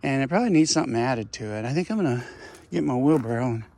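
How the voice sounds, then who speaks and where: A rancher with a mellow, medium-pitched voice talks quickly and with animation while working outdoors in his garden. His casual vlog narration is folksy and full of exclamations, and he rambles and drifts off topic.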